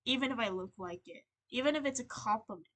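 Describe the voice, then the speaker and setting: A young woman on a livestream, venting in a rambling, halting, earnest way, full of fillers and restarts. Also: fairly high pitch, expressive, fairly bright tone. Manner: earnest and emotional. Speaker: streamer.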